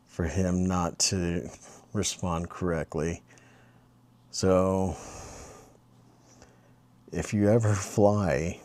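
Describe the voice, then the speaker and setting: Slow, low-voiced man rambling casually. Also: a little mellow, no echo. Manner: rambling, meandering storytelling. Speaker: vlogger. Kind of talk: casual late-night vlog chat.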